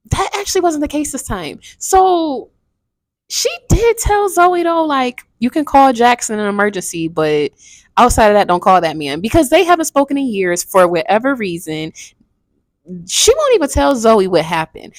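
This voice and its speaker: Lively, frank woman in her twenties. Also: fairly high pitch, dry recording, studio quality. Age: 20s. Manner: frank, rambling, swears casually. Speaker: book reviewer. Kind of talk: casual book review chat.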